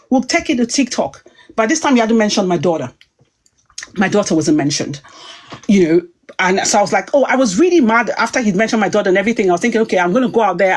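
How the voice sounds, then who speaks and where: A middle-aged woman, telling a heated personal story as a talk show guest, emphatic and indignant, repeating herself. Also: mid-range voice.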